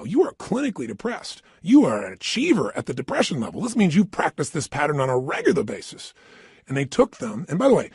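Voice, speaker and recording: A man's voice: fairly high pitch, vocal fry, a little mellow, husky, no echo, studio quality. A middle-aged man giving an emphatic motivational talk, standing at a microphone and firing rhetorical questions at the listener. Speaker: motivational speaker. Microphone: standing and speaking into a microphone.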